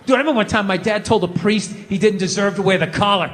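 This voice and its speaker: A middle-aged man rants through a stand-up set, his high voice climbing into shouts. His tone is bright and forceful, and a long hall reverb trails behind the handheld stage mic, with faint ambience under it. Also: fast talker. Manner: loud ranting delivery with frequent shouting. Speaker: stand-up comedian. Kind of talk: stand-up comedy rant. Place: theater stage before a live audience.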